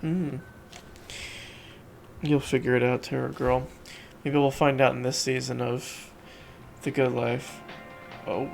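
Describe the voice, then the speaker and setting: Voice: mid-range voice, little pitch movement, slow pace, creaky, long pauses, a little mellow, faint music behind. A game streamer chatting casually with a co-host and reading game dialogue aloud in a playful way. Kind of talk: casual chat while playing a game.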